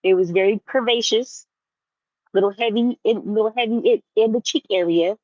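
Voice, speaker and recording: A young woman vlogging in a casual, animated rant to her viewers, repeating herself for emphasis. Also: medium pitch, normal speed, dry recording, dull audio. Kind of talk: casual ranting chat to viewers.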